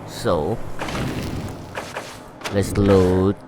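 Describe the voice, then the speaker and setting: Man, deep voice, casual rambling game commentary, profane, noisy recording. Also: flat delivery, very slow. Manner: rambling, profane, laid-back. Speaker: gameplay streamer.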